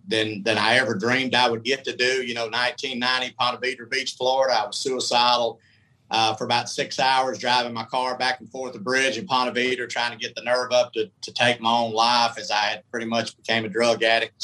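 This middle-aged man spins a long, candid tale in a folksy, rambling manner. His voice has a bright, forceful edge and sits at an ordinary pitch for a man. He talks loosely, like a guest at ease. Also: rough recording. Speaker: guest, country singer. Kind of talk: casual storytelling.

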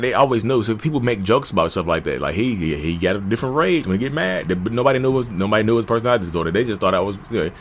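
A man's voice: lively intonation, racing, few pauses, a little hiss or hum. A man in his thirties hosting a podcast, telling his own story in a candid, conversational way and calling his listeners "y'all". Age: 30s. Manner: jumps to shouting pitch when reenacting arguments. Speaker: podcast host. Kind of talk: personal storytelling monologue.

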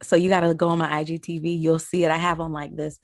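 A woman's voice: low-pitched, little pitch movement, fast talker, dry recording, clean studio sound. A woman from Florida, a podcast host, chatting casually as a guest and telling stories with a laugh.

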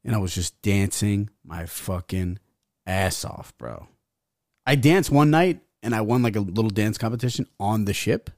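A man's voice: lowish voice, very animated, moderate pace, a little mellow, dry recording, studio quality. A young adult man, a guest rapper, telling a rambling, profane story in casual talk. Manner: profane, rambling, laughs as he talks.

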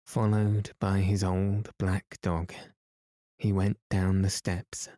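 A man reading a story aloud to help listeners fall asleep, in a calm and soothing way. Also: deep voice, no room sound, clean studio sound. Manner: slow, soothing, even. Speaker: sleep story narrator.

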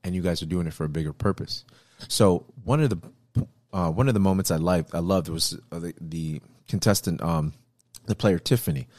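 Man, very deep voice, casual chat, animated, repeats words, dry recording. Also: moderate pace, dry recording. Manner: animated storytelling, acts out quotes; repeats words, frequent fillers.

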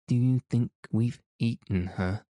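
A man's voice: medium pitch, measured pace, mellow, no echo, clean studio sound, natural voice. A man voicing an evasive, puzzled male theatre manager in an audiobook, speaking dryly and offhandedly.

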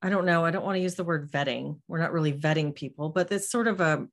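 A woman's voice: sits low, fast talker. A woman hosting a casual group live stream over a video call, friendly and rephrasing her questions as she goes. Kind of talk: casual group chat moderating.

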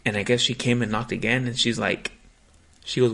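Slangy young man, gravelly voice. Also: mid-range voice, steady tone, brisk, fairly bright tone. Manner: slangy, rambling storyteller, swears a lot. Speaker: podcast host. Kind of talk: casual chat.

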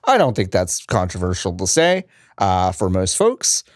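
A man hosting a casual gaming podcast, playful and quick to laugh. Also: sits low, sing-song, no echo, clean studio sound. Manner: playful, laughs often, restarts intros. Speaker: podcast host.

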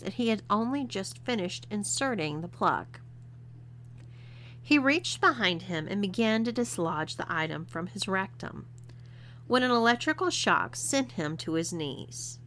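A woman's voice: medium pitch, bright, forceful tone, a little hiss or hum. A woman reading an adult story aloud as narrator. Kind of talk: audiobook reading.

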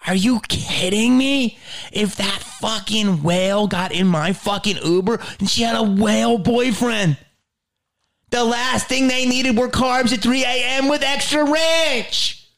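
A man delivering a heated, profane ranting monologue, swinging between low growls and high outbursts. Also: measured pace, creaky, fairly bright tone.

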